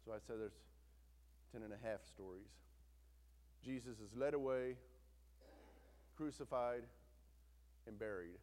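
A man preaching a sermon, swinging between loud, intense retelling and hushed, quiet emphasis. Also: mid-range voice, animated, measured pace, long pauses. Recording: long hall reverb.

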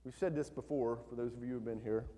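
Pastor guy preaching in a church with long echo, goes quiet then builds up loud, mid voice. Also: fairly even intonation, fast. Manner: swings from soft and low to loud and emphatic, reading scripture aloud. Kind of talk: sermon. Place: church sanctuary. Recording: long hall reverb.

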